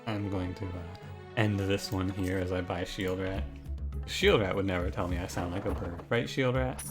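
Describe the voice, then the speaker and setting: Male game commentator with a lowish voice, loose and jokey, tends to restart sentences, music under him. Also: steady tone, moderate pace. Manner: rambling, jokey, self-interrupting. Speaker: gaming commentator. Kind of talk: casual gameplay commentary. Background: background music.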